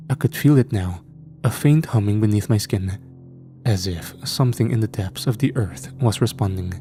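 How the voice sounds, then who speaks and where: A man narrating a scripted horror story at a slow, measured pace. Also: lowish voice, dark tone. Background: faint music.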